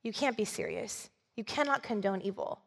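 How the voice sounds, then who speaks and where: A woman's voice: mid-range voice, creaky, a bit bright, big-room sound. A woman voicing an exasperated male ancient prophet who fires off disbelieving questions. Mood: pleading. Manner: incredulous rapid questions.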